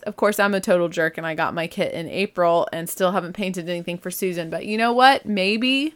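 A woman's voice: lowish voice, brisk, few pauses, a bit bright, clean tone. Woman, podcast host, casual solo chat, gushing, rambling asides. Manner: chatty, gushing, many fillers and asides.

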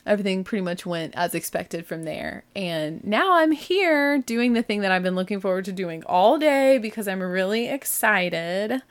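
A chatty woman talks straight to her listeners in a relaxed, rambling way. She gushes about things she loves and fills her talk with asides and little fillers, like a friend catching up over coffee. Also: medium pitch, normal speed, few pauses, clear, resonant tone. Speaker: podcast host. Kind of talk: casual solo chat.

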